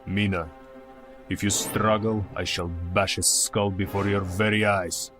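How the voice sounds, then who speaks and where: Rich: A man plays a cruel, commanding vampire count in a radio play. The voice sits low and moves slowly, each threat cold and measured. Music plays clearly behind him. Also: little pitch movement. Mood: menacing. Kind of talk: community radio play acting.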